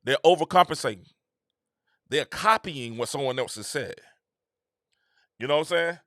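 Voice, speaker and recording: A man hosts his own show in a slangy, emphatic riff. His voice sits high and swings widely in pitch, with a bright, tense edge, recorded dry and close. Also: lively intonation, moderate pace, no room sound. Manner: repetitive, emphatic, slangy and conversational. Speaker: show host. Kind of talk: casual commentary monologue.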